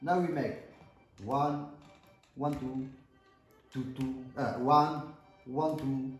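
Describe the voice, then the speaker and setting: A man's voice: mid-range voice, fairly even intonation, slow. A man from France with a French accent, coaching an accordion student in a master class and counting and singing rhythms aloud. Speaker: accordion teacher. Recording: echoey room with accordion playing. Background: accordion music.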